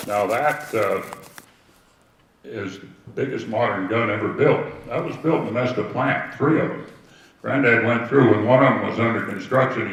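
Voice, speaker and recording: Older man telling stories, gravelly and distant. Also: on the low side. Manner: rambling anecdotal storytelling with asides. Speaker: speaker telling family history. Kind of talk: storytelling talk to a gathering. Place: outdoor history event with audience. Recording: echoey, distant from the mic.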